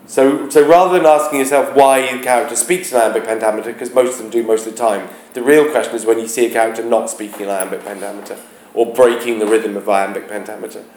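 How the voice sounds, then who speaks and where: Male teacher, lowish voice, halting delivery that searches for words, chants beats to demonstrate, echoey room. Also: fairly even intonation, darkish tone, slight background noise. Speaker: English teacher. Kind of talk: classroom explanation of a play. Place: classroom. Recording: roomy, echoey classroom.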